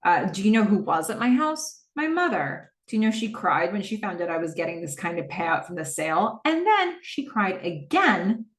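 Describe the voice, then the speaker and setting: A woman's voice: on the low side, animated, brisk, few pauses, reverberant, far from the mic, close to an everyday voice. A woman voicing an angry, indignant young man while recapping a TV episode.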